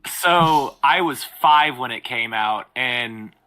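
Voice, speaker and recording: A man's voice: mid-range voice, slow, sharp tone, smooth. A man in his thirties, a guest on a podcast, rambling loosely in casual chat.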